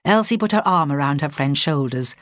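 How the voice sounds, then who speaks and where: A woman narrating a story in a measured storytelling voice, close to a studio mic. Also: low-pitched, lively intonation, a bit bright. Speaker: audiobook narrator. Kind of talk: scripted narration.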